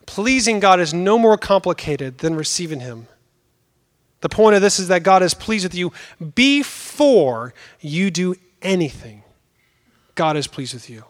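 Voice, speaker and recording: A young man with a high-pitched voice delivers a sermon. He talks conversationally, then leans hard on key words and lets pauses hang for effect. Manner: conversational, emphatic preaching with dramatic pauses. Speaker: preacher.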